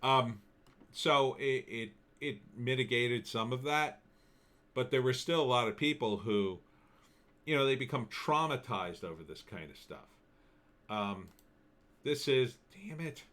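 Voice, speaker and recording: A man's voice: mid-range voice, unhurried, long pauses, fairly bright tone. A man talking casually to camera with gum in his mouth, rambling through opinionated asides. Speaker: vlogger giving opinions.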